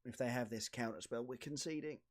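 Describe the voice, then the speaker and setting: A man streaming a card game, muttering commentary to himself with sudden excited outbursts. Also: mid-range voice, brisk. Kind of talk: casual gameplay commentary.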